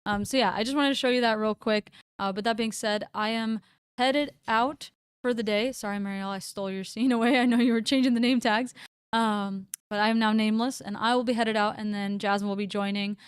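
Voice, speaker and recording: A woman's voice: a little high, fairly even intonation, a little fast, smooth, no echo, studio quality. A woman hosting a livestream, playful and giggly, rambling in casual chat. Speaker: livestream host.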